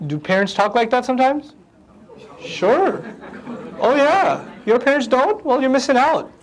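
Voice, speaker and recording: A man teaching a lecture on the language of the Quran, animated and humorous, acting out quotes. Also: very high-pitched, unhurried, rough recording.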